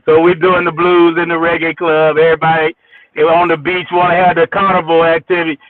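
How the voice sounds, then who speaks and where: A man spins a story from his years as a musician, profane and animated, starting his sentences twice before they land. His voice sits high, and it arrives squeezed and tinny, as if over a telephone radio hookup. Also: a little fast. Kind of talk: casual storytelling. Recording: tinny phone-like radio sound.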